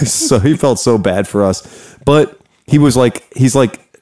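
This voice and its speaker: An American man casually telling a story, animated and profane, laughing often. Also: medium pitch, a little slow. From United States.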